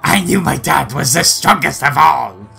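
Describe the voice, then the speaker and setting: A man voicing a young male demon boy, boastful and excitable, in a high gravelly voice, over a video game. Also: a little slow, soft background music, exaggerated voice. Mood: excited. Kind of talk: amateur voice acting over a game.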